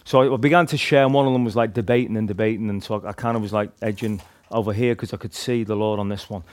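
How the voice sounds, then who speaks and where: This fast-talking man has a fairly low voice with fairly even intonation, and no room sound comes through. Casually recounting his street evangelism, he rambles and restarts, relying heavily on "like" and "you know".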